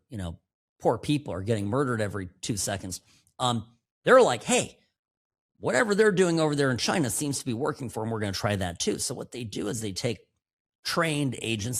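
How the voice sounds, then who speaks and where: Radio host man, husky voice, swings up and down a lot, opinionated riffing with asides. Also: medium pitch. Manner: animated, riffing, quick asides and chuckles. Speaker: radio talk show host and injury lawyer.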